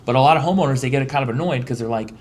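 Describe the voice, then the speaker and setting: A man's voice: mid-range voice, rapid-fire, slight background noise. A man hosting a casual podcast talk, speaking emphatically with lots of restarts. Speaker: podcast host, mold remediator.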